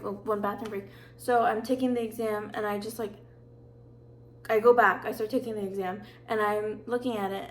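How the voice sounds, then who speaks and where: A woman's voice: on the high side, a little hiss or hum. A woman in her twenties vlogging, telling personal stories in a chatty, dramatic way full of fillers. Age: 20s. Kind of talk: casual storytelling.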